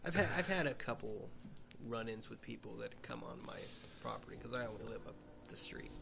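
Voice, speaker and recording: A man's voice: mid-range voice, lively intonation, brisk, vocal fry, background noise. A young man swearing freely and telling stories animatedly in a casual chat. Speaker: podcast guest.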